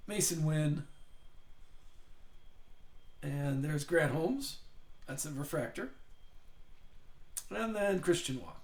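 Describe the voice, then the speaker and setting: A man's voice: fairly high pitch, fairly bright tone. An older man hosting a live card break, chatting in a rambling way as he reads out player names. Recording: echoey room.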